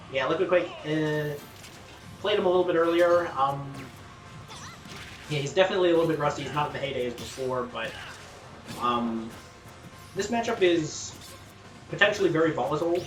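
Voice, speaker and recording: A man's voice: medium pitch, a bit bright. A man with a Canadian accent giving casual play-by-play commentary at a gaming tournament, with many ums and uhs. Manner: chatty, lots of ums and uhs. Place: campus gaming tournament room. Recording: roomy sound, mic at a distance, game music behind.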